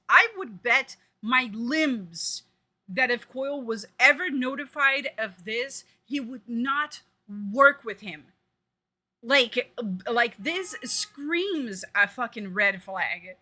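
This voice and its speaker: A woman streamer reacting live, ranting bluntly and profanely with lots of fillers. Her voice is bright and forceful. She pushes her points with emphatic outrage. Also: on the high side, animated, slow.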